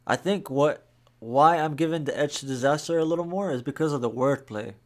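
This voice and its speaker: A man's voice: a little high, brisk. Casual man reacting to rap battle. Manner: relaxed, chatty, many "like" fillers. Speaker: reaction channel host. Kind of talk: casual commentary.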